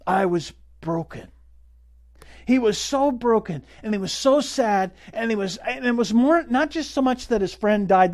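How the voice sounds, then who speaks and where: A pastor preaching a sermon, telling a story earnestly and stressing points through repetition. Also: male voice, high voice.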